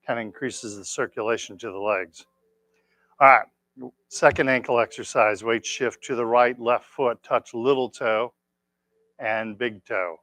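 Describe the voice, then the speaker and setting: A man teaching tai chi, calmly calling out each move and counting the steps for his class. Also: medium pitch, no echo. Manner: calm, counting out moves slowly. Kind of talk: leading an exercise class. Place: exercise class room.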